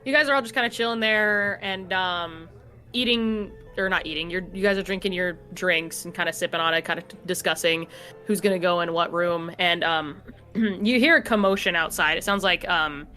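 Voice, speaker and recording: A woman running a tabletop game, narrating in a loose, easygoing way full of "like" and "um". Her voice is bright and forward, with faint music behind. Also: on the low side, moderate pace. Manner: casual, filler-heavy storytelling. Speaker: game master.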